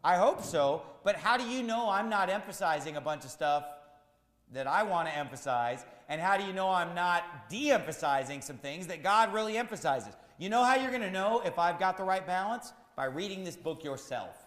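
A man's voice: high-pitched, animated, normal speed, fairly bright tone, echoey room, in a large hall. A man preaching a sermon as pastor, firing rhetorical questions in a repetitive, emphatic cadence.

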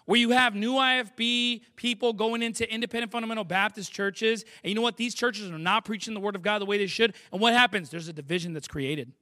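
A man's voice: sits high, fast talker, hardly any pauses, pushed and bright. A male pastor preaching a sermon, emphatic and fond of rhetorical questions.

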